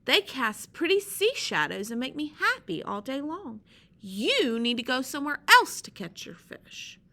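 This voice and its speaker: A woman's voice: sits high, big pitch swings, measured pace, sharp tone, heavily acted. A woman voicing a tiny, brave male sea slug who scolds and insists, protective of his fish. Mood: scolding.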